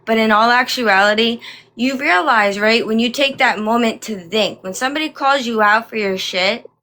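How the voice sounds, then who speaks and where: A woman lectures someone on a group voice call in a preachy, emphatic way. She repeats herself often. Her voice is bright and slightly high. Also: normal speed. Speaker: call participant confronting a streamer.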